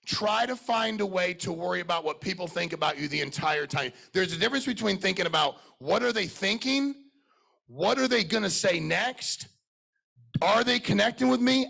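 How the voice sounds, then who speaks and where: A middle-aged sales trainer speaks to a live crowd in a rough, gravelly voice that sits a little high for a man. He is blunt and profane, full of energy, and turns to challenge people in the audience. A husky edge runs through his voice. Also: a bit bright.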